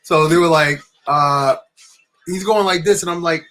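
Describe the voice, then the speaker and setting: A young man from New Jersey telling a long, rambling, animated story while building with bricks. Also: fairly high pitch, unhurried. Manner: rambling, animated anecdote with many restarts. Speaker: LEGO builder streaming.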